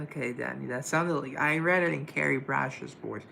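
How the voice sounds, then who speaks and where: A man's voice: medium pitch, normal speed, vocal fry, sharp tone, slight background noise, low-quality recording. A man hosting a live stream in a casual, chatty way, greeting viewers by name and answering their comments.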